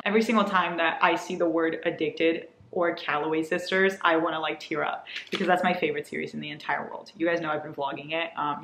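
A woman vlogging a casual book haul, gushing and excitable, jumping between loud squeals and soft asides. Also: sits low, roomy sound, background noise.

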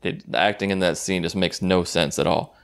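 Man, very low voice, vocal fry, rambling profane movie recap, sarcastic. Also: fairly even intonation, fairly quick. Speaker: YouTube movie reviewer. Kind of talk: casual movie recap commentary.

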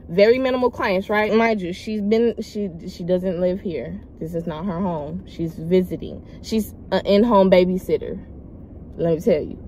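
Young woman telling a story, animated. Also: on the low side, a little hiss or hum. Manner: animated, emphatic retelling with loud acted quotes; slangy, rambling, addresses viewers as y'all. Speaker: vlogger telling a personal story. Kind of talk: casual storytime chat.

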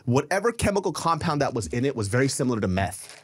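Male podcast co-host, husky and close-miked, animated storyteller. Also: medium pitch, quick pace, no room sound. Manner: animated, profane anecdote telling. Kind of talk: casual storytelling chat.

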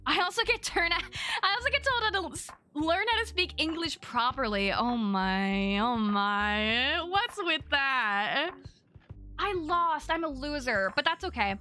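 A bubbly young woman chats with her live-stream audience while she plays. Her voice sits a little high and sounds bright and crisp. Soft music plays behind her. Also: animated, a little slow. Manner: bubbly, chatty, thanking chat and giggling. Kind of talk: casual live-stream chat while gaming.

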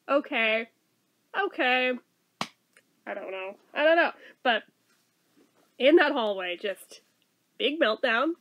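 A woman's voice: high-pitched, a bit bright. A woman telling a storytime vlog in a casual way, swearing and laughing to the point of tears. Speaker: vlogger.

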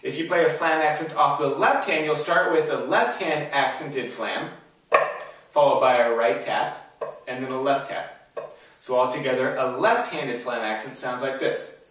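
A man's voice: mid-range voice, measured pace, fairly bright tone, slight background noise. A man giving a drum lesson, upbeat and explaining step by step, with frequent "all right?" check-ins. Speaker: drum instructor. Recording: very echoey room, voice a bit far from the mic.

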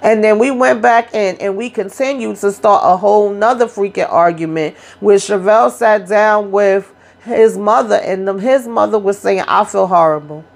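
A woman's voice: medium pitch, moderate pace, gravelly, darkish tone. A woman hosting a casual reality TV recap, blunt and profane, acting out quotes as she retells scenes. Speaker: YouTube reality TV recap host.

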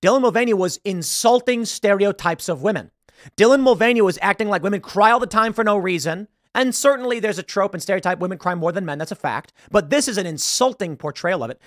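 A man's voice: sits high, quick pace, fairly bright tone, dry recording, clean studio sound. A male show host giving emphatic, agitated political commentary.

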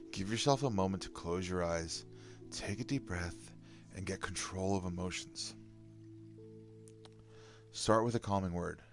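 A man with a very deep voice reads self-help tips aloud, then breaks off into frank, casual commentary between them. Soft music plays faintly in the background. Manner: reads advice aloud then comments candidly, with sighs and laughs. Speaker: vlogger. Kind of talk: casual self-help video reading and reacting.

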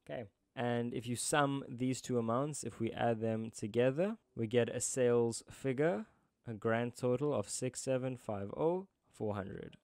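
A man's voice: on the low side, gravelly, a little mellow, dry recording, studio quality. A man teaching accounting in a tutorial, chatty, with joking asides. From South Africa. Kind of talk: screen-recorded tutorial.

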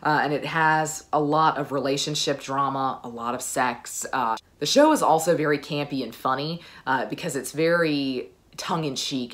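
Low-voiced woman gushing about favorites. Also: fairly bright tone. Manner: gushing, enthusiastic, frequent "uh" fillers. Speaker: book vlogger. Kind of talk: casual chat.

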